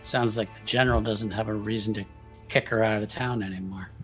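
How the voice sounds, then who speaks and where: Low-voiced man running a vampire game. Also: fairly quick, loud music behind the voice. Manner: relaxed, hesitant with fillers. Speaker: game master. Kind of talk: narrating a tabletop game.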